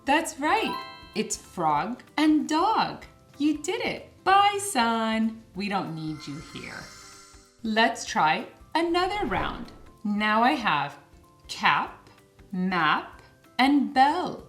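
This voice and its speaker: A woman teaching young children phonics in a slow, clear, sing-song way, stretching each word out. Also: soft background music. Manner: sing-song, stretches words slowly with lively pitch.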